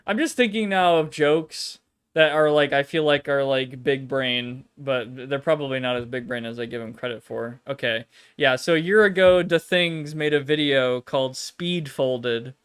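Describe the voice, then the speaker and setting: A man's voice: mid-range voice, normal speed, a bit bright, smooth. A man streaming from home, chatting casually in a rambling, profane way. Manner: rambling, swears a lot, mock-dramatic reading. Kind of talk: casual chat.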